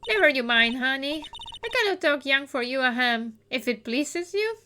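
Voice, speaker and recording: A woman's voice: high voice, lively intonation, normal speed, sharp tone, a little hiss or hum. A woman reading a brash young Southern woman photographer aloud, with a put-on exaggerated Southern drawl and slangy, feisty talk, over game music. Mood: friendly.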